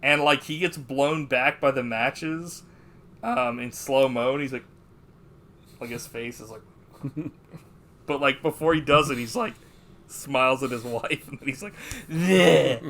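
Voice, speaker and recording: A man co-hosting a podcast who retells a movie's plot in a casual, animated way, full of swearing and fillers. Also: mid-range voice, unhurried, long pauses. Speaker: podcast co-host. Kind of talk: casual movie review chat.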